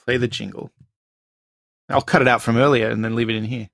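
A man's voice: mid-range voice, fairly even intonation, vocal fry, over loud music. A man hosting a casual podcast movie quiz, joking and laughing often. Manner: joking, laughs often, reads taglines in a slow dramatic voice. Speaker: podcast host running a movie tagline quiz.

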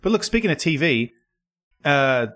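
A man's voice: a little high, sing-song, moderate pace, a bit bright. A man in his thirties co-hosting a casual podcast chat, swearing freely and laughing easily. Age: 30s. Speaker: podcast co-host.

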